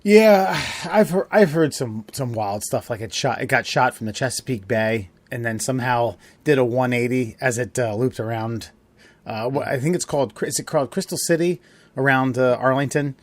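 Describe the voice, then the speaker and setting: A man co-hosting a casual comedy podcast, rambling and halting through his points, swearing and breaking into loud laughter. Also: mid-range voice. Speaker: podcast co-host.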